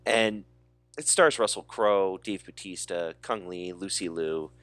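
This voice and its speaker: A man's voice: sits low, a little slow, a bit bright, no echo. A man co-hosting a movie podcast, talking enthusiastically and rambling with fillers. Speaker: podcast co-host. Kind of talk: casual movie chat.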